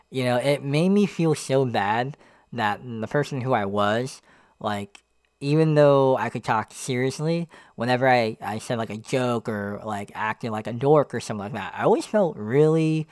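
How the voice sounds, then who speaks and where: A young man with a smooth, clear voice talks casually on his podcast, rambling and self-deprecating, his words full of fillers. The sound is dry and close, with no room echo. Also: medium pitch. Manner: rambling, many fillers like "like" and "you know". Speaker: podcast host. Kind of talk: casual reflective monologue.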